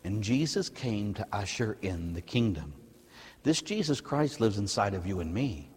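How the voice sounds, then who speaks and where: A man, a Catholic priest, giving a conversational sermon in a church, preaching lively and asking his listeners rhetorical questions. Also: lowish voice, normal speed, slightly rough, long reverb tail.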